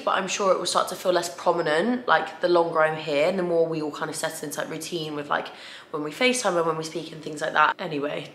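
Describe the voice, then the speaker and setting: A young woman from England, chatting casually in a filler-heavy vlog, slightly raspy and tired. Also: lowish voice, a bit bright. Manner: chatty, filler-heavy, emotional and choked up at times. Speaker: fitness vlogger. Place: home room, indoors. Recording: echoey room.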